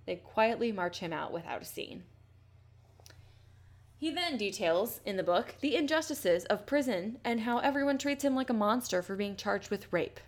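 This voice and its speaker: Gravelly-voiced woman telling a crime story. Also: medium pitch, lively intonation, moderate pace. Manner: blunt and swears often, reads quotes aloud. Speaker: podcast host. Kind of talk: casual true-crime storytelling.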